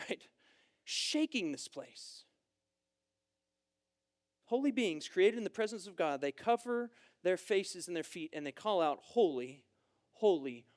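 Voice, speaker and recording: A young man preaching a sermon at a church camp, emphatic and repetitive, swinging between loud declarations and quieter explanation. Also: very high-pitched. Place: church camp meeting room.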